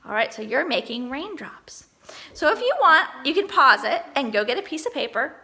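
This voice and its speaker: Woman teacher, young children's online lesson; high, very animated, encouraging. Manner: encouraging, sounds words out slowly.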